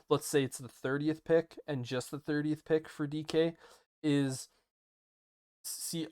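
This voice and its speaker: A man co-hosting a casual sports podcast, animated and quick to ask questions. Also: mid-range voice, clean tone, no echo, studio quality. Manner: animated, self-interrupting, asks questions. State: hiccuping. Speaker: podcast co-host.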